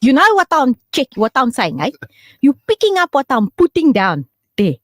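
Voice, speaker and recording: A woman's voice: moderate pace, dry recording. A woman hosts a radio show, her voice bouncing up and down as she chats and jokes. The sound is dry and close-miked with no room around it. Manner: chatty and joking, with lively swoops in pitch and laughs. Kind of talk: casual radio chat and weather.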